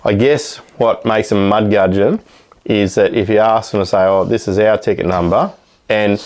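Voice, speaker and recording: A man's voice: on the low side, fairly even intonation, normal speed, darkish tone. A man with an Australian accent co-hosting a podcast, rambling and backing up his mate with frequent yeahs. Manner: backchannels a lot, rambling. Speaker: podcast co-host. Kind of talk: casual podcast chat.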